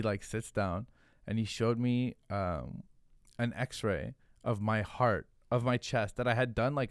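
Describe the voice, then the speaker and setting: A young man with a fairly low voice tells a story on a podcast, swearing freely and packing his talk with fillers. The sound is close and dry, with no room around it. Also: clear, resonant tone, no echo. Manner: profane, animated, lots of fillers. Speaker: podcast guest, hot sauce founder. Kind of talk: casual storytelling.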